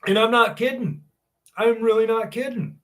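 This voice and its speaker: A man's voice: very high voice, steady tone, moderate pace, a bit bright. A man in his forties hosting a live stream, chatting casually, joking about himself and laughing often, then reading a listener's story aloud. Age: 40s. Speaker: podcast host.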